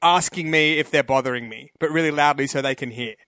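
A man's voice: a little high, fast, no room sound, studio quality. A man, co-hosting a casual comedy chat and telling stories with a lot of laughter. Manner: animated storytelling, laughing often. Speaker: podcast co-host.

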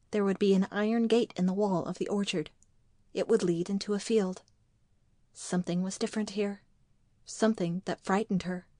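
Brief: a woman reading literary fiction aloud, calm and measured, dry sound. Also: mid-range voice, no room sound. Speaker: narrator. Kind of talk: audiobook narration.

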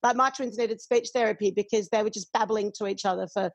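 A woman's voice: mid-range voice, steady tone, fast talker, no room sound. A woman in casual, candid chat, swearing freely and laughing often.

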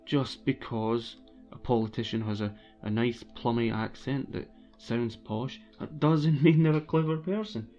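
Male streamer, opinionated casual rant, relaxed dark tone, dull recording. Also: mid-range voice, measured pace, soft background music. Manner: opinionated and blunt, with frequent restarts. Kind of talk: casual ranting monologue.

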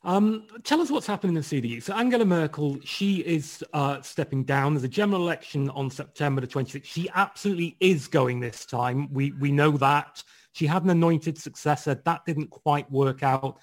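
A man's voice: a little high, moderate pace. A man hosting a political podcast, chatting and putting questions to his guest. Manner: conversational, asks guest questions. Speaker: podcast host. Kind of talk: podcast discussion.

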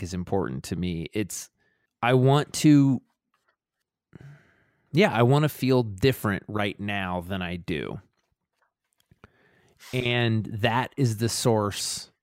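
Man, podcast co-host, low voice, dry close sound, rambling and self-searching. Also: a little mellow, no echo. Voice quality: rambling, self-reflective, many restarts. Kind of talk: casual chat.

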